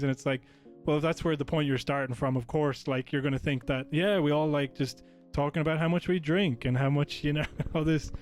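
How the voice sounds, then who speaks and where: A man's voice: a little high, fairly even intonation, a little fast, a little mellow, faint music behind. A man from Ireland co-hosting a podcast, rambling casually and swearing freely. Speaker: podcast co-host.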